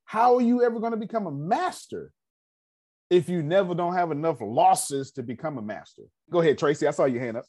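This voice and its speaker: Husky-voiced man preaching to a room. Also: a little high, lively intonation, fairly quick, darkish tone. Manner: preacherly, rhetorical questions to the audience. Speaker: seminar leader. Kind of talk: motivational teaching.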